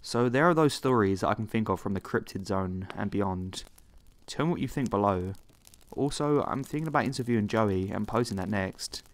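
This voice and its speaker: A man giving scripted narration of horror stories, reading in a calm, steady way. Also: lowish voice, normal speed.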